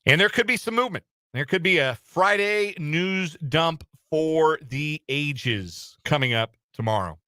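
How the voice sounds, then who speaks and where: A male sports radio host with a bright, forceful voice that sounds smooth and resonant. He talks in a loose, chatty way, stumbling over a few repeats and uh fillers. He is recorded dry and close on a studio microphone. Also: fairly high pitch, lively intonation, a little slow, hardly any pauses, dry recording.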